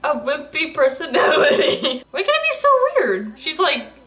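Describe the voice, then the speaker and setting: A woman's voice: sits high, wildly swooping pitch, moderate pace, fairly bright tone. A young adult woman giving casual, rambling reaction commentary, laughing often and joking at what she watches. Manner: giggly, rambling, laughs often and jokes at the screen. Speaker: anime reaction YouTuber.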